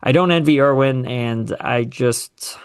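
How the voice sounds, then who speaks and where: A man hosting a casual sports talk show, animated and opinionated, with sarcastic asides. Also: medium pitch, unhurried, clear, resonant tone. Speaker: podcast host.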